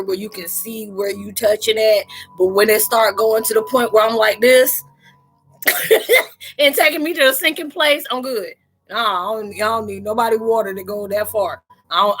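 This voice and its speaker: Bright-voiced joking woman chatting live. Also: mid-range voice. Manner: playful and joking, slangy, talks straight to her viewers. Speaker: live chat host. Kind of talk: casual live-stream chat.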